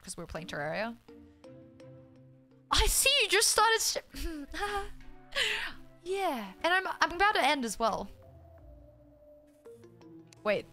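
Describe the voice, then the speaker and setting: A woman's voice: sits high, very animated, slow pace, pauses often, faint music behind. A young woman from Australia streaming live, chatting casually with her viewers. She swears freely, sounds exasperated and laughs a lot. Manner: loud, profane, exasperated, laughing often. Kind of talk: casual live-stream chat, reading chat aloud.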